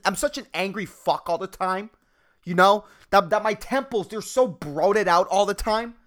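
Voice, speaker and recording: With a high-pitched, somewhat bright voice, a thirty-something podcast host rants solo, rambling and profane. He hops from topic to topic, pokes fun at himself and keeps calling the listener "dude," tossing out "dude" and "man" constantly.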